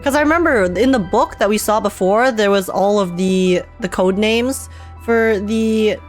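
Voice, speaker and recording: A young woman streaming her reaction to a game, excitable and quick, theorizing aloud in casual chat. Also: medium pitch, soft background music.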